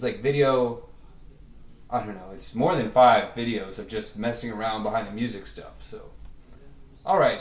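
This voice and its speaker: A man with a medium-pitched voice chats casually and ramblingly into a headset in his bedroom for a self-deprecating vlog. He's a video creator, and the mic sounds distant, with a roomy echo.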